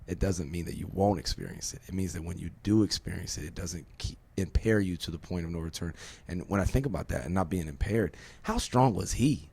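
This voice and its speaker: Deep-voiced man ranting on a podcast. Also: lively intonation, brisk, creaky, hardly any pauses, a little mellow, slight background noise. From Virginia. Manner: emphatic, rambling, swears, rhetorical questions. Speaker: podcast host. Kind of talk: casual podcast conversation.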